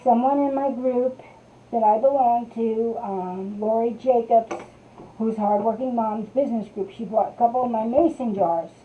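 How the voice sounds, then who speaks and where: A woman's voice: fairly high pitch, steady tone, normal speed, a little hiss or hum. A woman hosting a live craft stream, rambling chattily and greeting viewers by name from their comments as she works. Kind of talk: casual live-stream chat. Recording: tinny phone-like sound.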